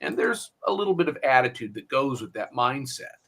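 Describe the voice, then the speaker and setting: A man co-hosting a podcast, talking in a measured, analytical way during casual discussion. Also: mid-range voice, sing-song, pushed and bright, husky. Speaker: podcast co-host.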